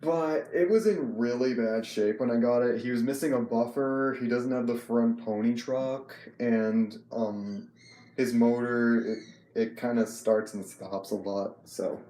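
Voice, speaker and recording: A man chatting casually on a live stream. He talks haltingly, with frequent ums and restarts, and answers chat messages as he goes. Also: mid-range voice, fairly even intonation, mellow, reverberant.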